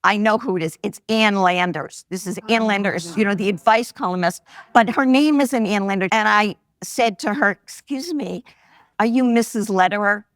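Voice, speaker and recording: Speaking at medium pitch and normal speed, a sixty-something investor shares personal anecdotes as a guest in a live podcast interview, animatedly performing the voices of people she quotes. Live audience laughter is heard, and the recording is dry.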